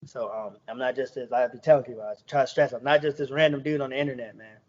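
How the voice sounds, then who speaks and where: A man's voice: medium pitch, steady tone, quick pace. A young adult man, a guest chef, chatting casually on a podcast and telling stories in slang, acting out what people said to him. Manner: slangy storytelling, acts out quoted dialogue. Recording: dull lo-fi podcast recording.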